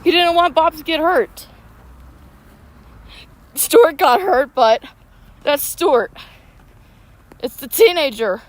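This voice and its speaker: A woman streaming a mobile game outdoors, chatting excitedly with viewers and arguing back at them. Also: sits high, slow, pauses often. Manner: excitable, argues back at chat. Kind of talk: casual chat with viewers while playing. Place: outdoors, walking.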